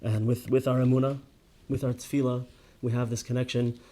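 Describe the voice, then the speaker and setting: Animated man teaching a casual Torah class. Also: medium pitch, brisk, slight background noise. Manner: lively storyteller, many restarts and "right?" tags.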